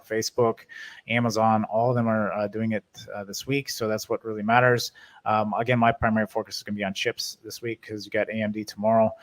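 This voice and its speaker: Flat-voiced man talking stock picks. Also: lowish voice. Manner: many fillers and restarts, hedging predictions. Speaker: stock market video host. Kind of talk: casual market commentary over charts.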